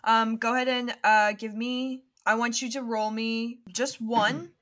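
A woman's voice: a little high, measured pace. A woman running a tabletop game as game master, narrating loosely with many fillers. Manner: relaxed, filler-heavy narration.

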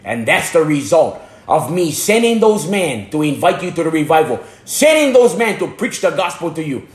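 A man's voice: fairly high pitch, very animated, moderate pace, roomy sound. A man from Hawaii giving a passionate religious testimony as a preacher. He repeats phrases and stumbles over his words. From Hana, Maui, Hawaii.

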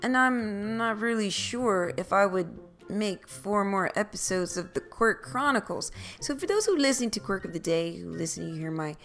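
Over soft background music, a podcast host from Philadelphia, USA talks on her own in a loose, casual ramble, playfully repeating phrases. Her medium-pitched voice is animated and fairly bright, moves at a moderate pace, and gets a little scratchy now and then.

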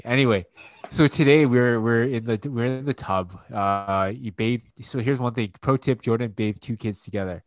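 A man in his thirties tells a loose, profane story about parenting, leaning on fillers as he goes. His voice sits a little low, and the sound is dry with no room around it. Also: no echo. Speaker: podcast co-host and father. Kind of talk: casual chat.

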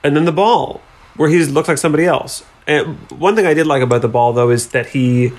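A man's voice: on the high side, brisk. A man co-hosting a podcast, talking casually and wryly about a film, with many filler likes. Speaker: podcast co-host.

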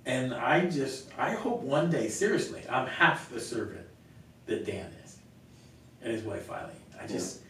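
Male pastor, earnest, storytelling, very echoey room, faint rumble. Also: animated, unhurried, a bit bright, far from the mic. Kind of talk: conversational Q&A teaching.

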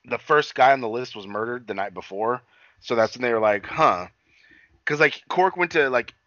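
Rambling, bright-voiced man recapping casually. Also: mid-range voice, a little fast, dry recording, dull audio. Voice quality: rambling, lots of fillers and quoted lines, swears often. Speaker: podcast co-host recapping an episode. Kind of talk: casual profane chat.

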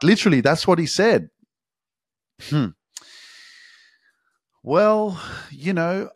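A man's voice: mid-range voice, dry recording. Guy doing a motivational podcast, cusses a lot, punchy and preachy, dry close sound. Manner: swears freely, emphatic and preachy. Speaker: podcast host.

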